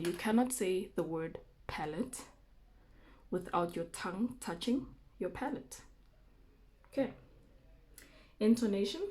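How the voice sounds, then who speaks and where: A woman teacher giving a recorded remote lesson, explaining terms slowly with frequent okays and ums. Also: lowish voice, dark tone. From South Africa.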